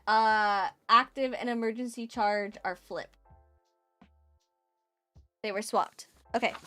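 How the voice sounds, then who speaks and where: A woman streamer giving live game commentary, excitable, swinging from muttering to shouting and swearing freely. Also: fairly high pitch.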